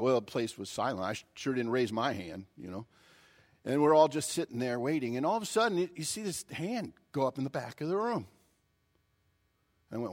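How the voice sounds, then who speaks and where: A male pastor preaching a sermon, opening with a folksy, animated story. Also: medium pitch, fairly quick.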